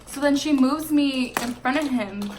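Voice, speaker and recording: A teenage girl telling a story in a relaxed chat with her best friend, slangy and laid-back, with murmured asides. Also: high-pitched, measured pace, music in the background, poor audio.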